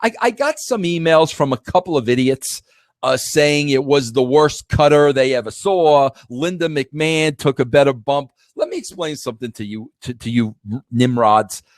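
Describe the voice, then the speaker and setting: Podcast host, man, middle-aged, slightly high voice, dry close mic, emphatic storyteller. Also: moderate pace, no room sound. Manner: animated, emphatic, repeats words, addresses listeners as guys. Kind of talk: casual storytelling monologue.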